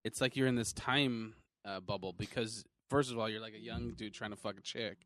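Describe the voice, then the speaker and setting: A man co-hosting a podcast, teasing his friends with quick wisecracks in casual chat. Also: lowish voice, steady tone, a bit bright, no room sound. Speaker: podcast co-host.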